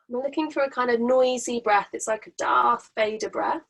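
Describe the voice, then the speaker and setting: A woman teaches a prenatal yoga class from home, talking students through their breathing. Her instructions come soft and unhurried, meant to calm. Her voice sits a little high, with a gravelly fry running through it. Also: poor audio. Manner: soft, slow, soothing guidance.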